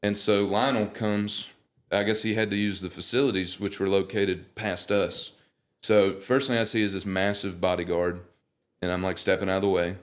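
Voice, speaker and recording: A young man, a guest singer, telling animated, joking stories in a casual interview. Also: sits low, moderate pace.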